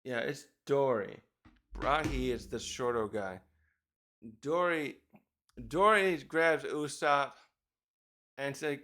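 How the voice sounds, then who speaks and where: A man's voice: medium pitch, slow, pauses often, fairly bright tone. A man giving a casual, rambling chapter review, thinking aloud and correcting himself as he goes. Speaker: manga reviewer.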